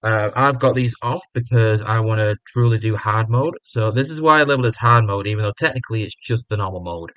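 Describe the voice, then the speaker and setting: A man's voice: lowish voice, a little fast, hardly any pauses, a bit bright, no echo, muffled recording. A man from the UK with a British accent, giving casual, rambling commentary on a game stream as he thinks aloud. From United Kingdom.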